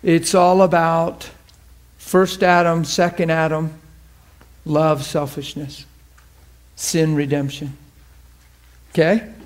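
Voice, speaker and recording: A man's voice: fairly high pitch, flat delivery, takes it slowly, long pauses. A man preaching a sermon to a class, emphatic and fervent, often asking the audience questions and laughing with them.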